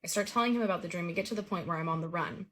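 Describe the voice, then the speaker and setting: A woman's voice: fairly low pitch, rapid-fire. Woman earnestly telling a dream story. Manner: earnest, vivid retelling with lively quoted dialogue. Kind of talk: personal dream story, told casually.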